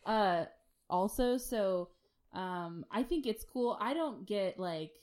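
A woman's voice: medium pitch, lively intonation, slow pace, a little mellow. A young woman co-hosting a podcast in casual chat, laid-back and often hesitant. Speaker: podcast co-host.

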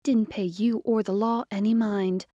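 A woman voicing a calm, no-nonsense nurse who is clearly in charge. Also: medium pitch, measured pace, no room sound, highs cut off, natural voice. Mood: calm, firm. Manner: calm, authoritative. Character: firm, no-nonsense female nurse.

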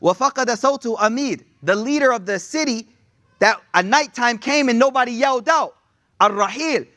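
A man with a high voice teaches a religious lesson in a loose, chatty way. He reads passages at a quick clip and then unpacks them in plain slang. He sounds like he is talking with friends. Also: lively intonation, pushed and bright. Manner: slangy and conversational, reading Arabic quotes quickly then explaining them.

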